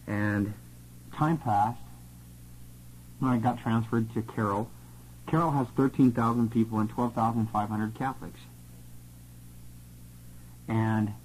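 A man telling a personal testimony of his missionary years in an earnest, steady, plain-spoken way. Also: mid-range voice, unhurried, long pauses, slight background noise, low-quality recording.

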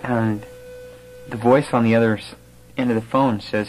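A man's voice: medium pitch, normal speed, pauses often, low-quality recording. A man telling a personal conversion story to a live audience in a conversational way, with some fillers. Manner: animated storyteller who acts out quoted voices.

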